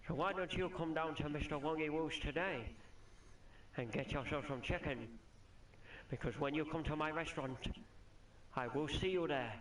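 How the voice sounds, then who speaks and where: A man playing the owner of a takeaway restaurant in a homemade advert, drawing his sales pitch out slowly. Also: a bit bright, close to an everyday voice. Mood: salesy. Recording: echoey room with faint noise.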